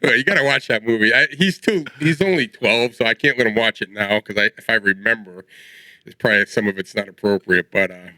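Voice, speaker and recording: A man's voice: fairly low pitch, a little fast, sharp tone, no room sound, poor audio. A man in his forties co-hosting a podcast, telling rambling stories in casual chat and laughing as he talks. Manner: rambling storyteller, laughs mid-sentence. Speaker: podcast co-host.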